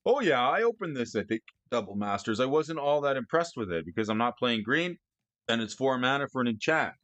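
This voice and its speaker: A man streaming casually, excitable and often stammering through restarts as he talks about cards and gifts. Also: mid-range voice, a little fast, no room sound, muffled recording. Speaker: streamer discussing card prices. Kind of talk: casual live-stream chat.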